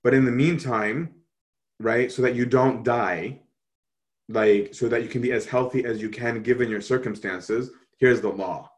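A man answering questions on Christian theology in a relaxed, conversational way, often checking in with "right?". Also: mid-range voice, normal speed. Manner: animated, conversational, frequent "right?" tag questions. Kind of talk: casual theological discussion.

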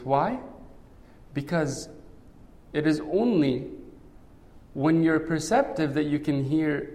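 A man's voice: on the high side, measured pace, long pauses, dark tone. Preacher man in a reverberant hall. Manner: conversational, often adds "right?". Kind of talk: sermon.

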